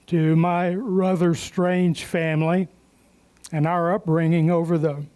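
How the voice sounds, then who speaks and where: A man hosts a club meeting, spinning folksy jokes and stories in a relaxed raconteur's manner. His voice is fairly high for a man but warm and mellow. He speaks slowly and takes his time. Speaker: meeting emcee.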